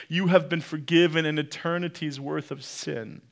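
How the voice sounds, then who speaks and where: A man preaching a sermon, swinging between loud peaks and quiet drops, and putting direct questions to the congregation. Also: a little high, normal speed, hardly any pauses. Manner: preaching with sharp rises and drops in loudness. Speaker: pastor.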